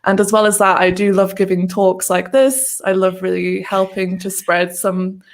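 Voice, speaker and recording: A woman's voice: medium pitch, flat delivery. A woman from Northern England near Manchester with a Northern English accent, chatting casually as a guest on a video-call webinar. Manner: friendly, chatty, quick to laugh. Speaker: guest speaker.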